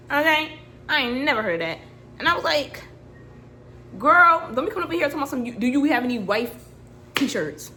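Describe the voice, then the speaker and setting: A young woman vlogger reacts to a video, chatting casually and telling a story in a lively, slangy way with plenty of laughter. Her voice sits on the high side, with a faint hiss or hum in the background.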